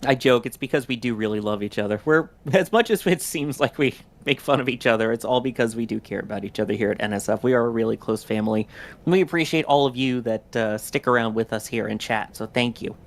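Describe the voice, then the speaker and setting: A man with a North Jersey accent co-hosting a livestream, chatting casually and joking with his co-hosts. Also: mid-range voice. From New Jersey, born in New York. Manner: joking, teasing, quick to laugh. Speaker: livestream co-host.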